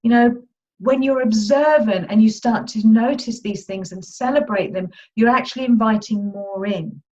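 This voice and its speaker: A woman's voice: a little high, moderate pace, a little mellow. A woman coach leading a live online masterclass in a chatty, upbeat, informal manner. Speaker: money mindset coach. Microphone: video call. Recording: dull lo-fi video call audio.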